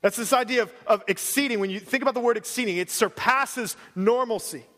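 A pastor giving a conversational sermon with casual asides and relaxed, everyday phrasing. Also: male voice, very high voice, a little fast, in a large hall.

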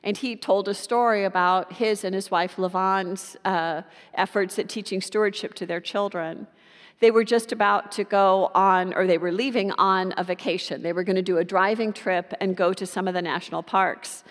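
A woman preacher telling a story in a sermon, in an unhurried, warm anecdotal way. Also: medium pitch, steady tone, long reverb tail.

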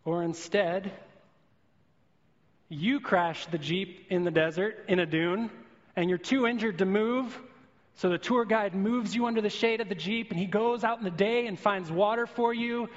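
High-voiced man preaching in a reverberant hall. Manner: earnest preaching with vivid everyday illustrations. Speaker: pastor. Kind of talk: sermon. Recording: long hall reverb, dull lo-fi sound.

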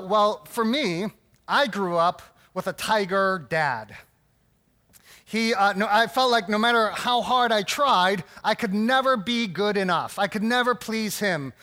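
A man's voice: high-pitched, pushed and bright. A man giving a sermon in a conversational, storytelling way, often checking in with the audience with "right?". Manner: conversational, self-deprecating storytelling with frequent "right?" asides. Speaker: pastor.

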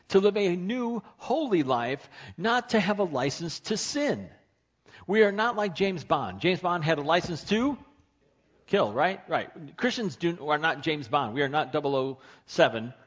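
A man's voice: a little high, lively intonation, measured pace, muffled recording. A man preaching a sermon in a conversational, emphatic way, often asking the congregation questions. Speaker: pastor.

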